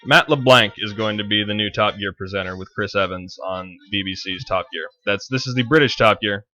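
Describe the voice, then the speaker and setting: A man's voice: fairly low pitch, fairly quick, sharp tone, muffled recording, soft background music. A man co-hosting a casual talk show, rambling and hunting for words. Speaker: podcast co-host. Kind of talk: casual chat.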